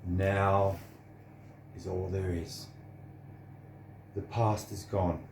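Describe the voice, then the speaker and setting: A man's voice: low voice, flat delivery, drawn-out words, reverberant, slight background noise. An earnest, sincere man, giving a preachy personal monologue to the camera. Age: 30s. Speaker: vlogger.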